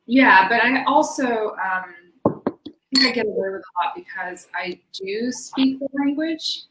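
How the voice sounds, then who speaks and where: Animated and fairly high-pitched, a woman talks at a measured pace as a guest in a casual interview. The belly dancer is chatty, laughing often and using lots of fillers. The room is echoey, with faint noise.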